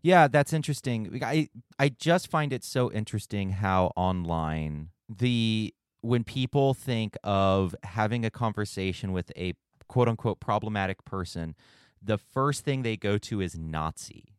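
A man's voice: lowish voice, animated, measured pace, clean tone, no echo, clean studio sound. A man hosting a podcast interview, speaking in a reflective, hesitant way and often restarting his phrases. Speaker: podcast host. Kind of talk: conversational interview.

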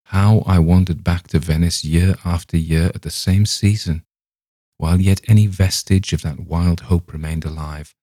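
A man reading a Victorian ghost story aloud in a steady, literary first-person narration. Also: low-pitched, normal speed, dry recording, clean studio sound. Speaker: audiobook narrator.

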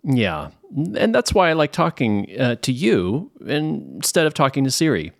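A man with a Southern California accent, hosting a podcast and reading out a joking letter in a playful, animated way. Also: mid-range voice, a little slow, creaky, no echo, studio quality. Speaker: podcast host.

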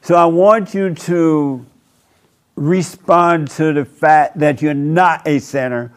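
A man pastor preaching a sermon at a church service, with slow, emphatic, drawn-out phrasing. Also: fairly high pitch, fairly even intonation.

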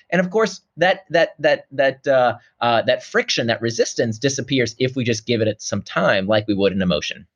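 A man explaining his ideas as an interview guest, lively and animated, jumping into a higher voice to act out feelings. The recording is a little muffled and lo-fi. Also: a little fast, few pauses, breathy edge. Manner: animated, acts out quoted feelings in a raised voice. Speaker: author guest.

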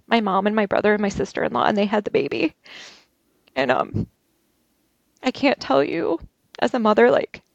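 A woman telling an interview host about a violent attack she survived, talking haltingly with many restarts. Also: medium pitch, gravelly, dry recording, lo-fi sound. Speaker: interview guest. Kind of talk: recounting a personal ordeal. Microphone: video call.

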